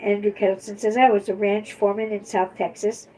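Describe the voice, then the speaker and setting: A woman co-hosting a livestream in casual chat, reading viewer comments aloud and answering with quick opinions. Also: medium pitch, little pitch movement, darkish tone. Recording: distant from the mic.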